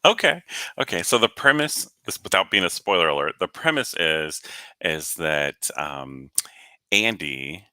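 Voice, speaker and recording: A man co-hosting a casual live chat, joking and laughing often, with halting restarts. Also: deep voice, expressive, pushed and bright, clean tone, dry recording. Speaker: co-host.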